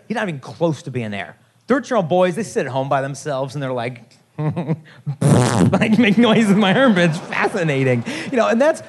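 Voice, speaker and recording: A man in his thirties speaking to a teen assembly, telling jokey stories and talking straight to the crowd. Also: sits high. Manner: lively, jokey, addresses the crowd directly. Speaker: youth chastity speaker. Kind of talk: animated storytelling talk to a teen assembly.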